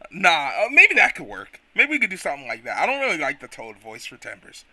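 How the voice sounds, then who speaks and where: A man hosting a casual let's play, talking in an excitable, rambling, self-mocking way. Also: fairly high pitch, fast talker, hardly any pauses, no room sound. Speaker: gaming video host.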